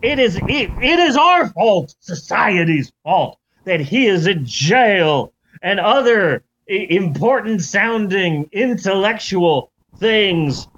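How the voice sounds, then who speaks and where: A man's voice: sits high, sing-song, slow, hardly any pauses, fairly bright tone, slight background noise, full character voice. Man doing a pompous British literary man, speechifying, bouncy delivery, dull recording. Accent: put-on British. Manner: grandiose, speechifying. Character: pompous British male author, grandstanding.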